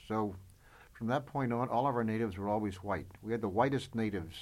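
A man who performs voices, telling animated anecdotes as an interview guest and laughing often. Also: lowish voice, fairly quick.

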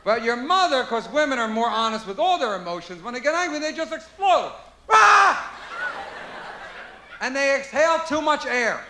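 A man's voice: very high voice, sing-song, fairly quick, hardly any pauses, sharp tone. A male stand-up comedian performing a routine on a live stage, firing rhetorical questions at the audience. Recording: echoey live venue with crowd noise.

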